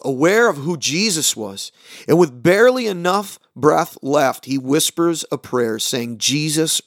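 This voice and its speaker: Earnest pastor, dry close mic. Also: male voice, dry recording. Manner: earnest, dramatic pauses, drops low on key words. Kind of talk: short recorded sermon summary.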